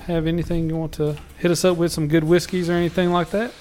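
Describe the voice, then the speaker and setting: Man, higher voice, easygoing, laughs easily, wraps up the show. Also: level tone, quick pace, a little mellow, slight background noise. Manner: easygoing, laughing, brief replies. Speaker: podcast co-host. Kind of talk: casual chat among friends.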